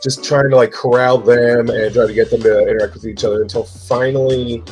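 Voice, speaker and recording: A dog trainer with a dark, mellow voice tells a rambling story at an easy pace, full of fillers. Faint music sits underneath. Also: mid-range voice, steady tone, fairly quick. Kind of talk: casual chat.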